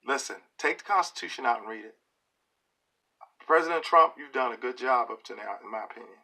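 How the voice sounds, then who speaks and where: A middle-aged man giving an opinion monologue to camera, emphatic and preachy, often pausing to ask "okay?". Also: mid-range voice, animated, sharp tone. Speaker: video blogger.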